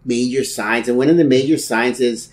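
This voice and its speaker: In a casual podcast chat, a male co-host with a mid-range voice speaks at a normal speed. He tells stories animatedly, acting out what people said.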